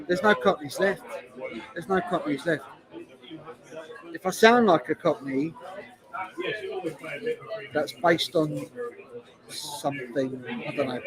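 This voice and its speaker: London-accented man streaming from a noisy bar. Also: fairly high pitch. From Hertfordshire, England. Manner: chatty, repeats lines, reads chat aloud. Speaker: beer vlogger streaming live. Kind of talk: casual live-stream chat reading out comments. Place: busy bar taproom. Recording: loud bar crowd behind voice. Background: crowd chatter in a bar.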